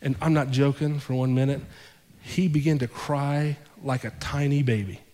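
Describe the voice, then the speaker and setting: Animated pastor preaching in a reverberant hall. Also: male voice, medium pitch, moderate pace. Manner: animated, acts out both sides of conversations. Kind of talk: storytelling sermon. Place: church sanctuary.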